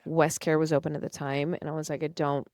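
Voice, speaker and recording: A young woman with a low voice tells her own story as a podcast guest. She is earnest and emotional and acts out past conversations. The sound is close and dry, with no room around it. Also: flat delivery, fast talker, a little mellow, dry recording. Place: studio.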